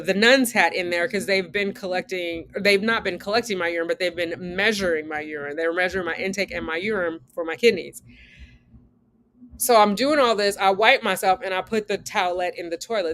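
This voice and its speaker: A woman in her forties telling a candid story to her viewers in a casual chat, animated, switching between loud outbursts and hushed asides. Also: lowish voice. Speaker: vlogger and new mother.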